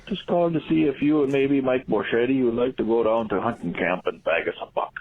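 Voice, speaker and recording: A man calling in, voicing a folksy northern Midwest hunter with a put-on regional accent and slow, hesitant drawl. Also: mid-range voice, phone-quality sound, natural voice. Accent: put-on upper Midwest. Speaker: caller. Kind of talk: voicemail comedy bit.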